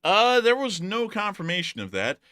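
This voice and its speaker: A man's voice: high voice, wildly swooping pitch, moderate pace, sharp tone, smooth, no room sound, clean studio sound. A man hosting a casual news livestream, joking and talking loosely with fillers. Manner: joking, puts on funny voices, fillers. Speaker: host of a war news livestream. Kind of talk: casual news commentary with jokes.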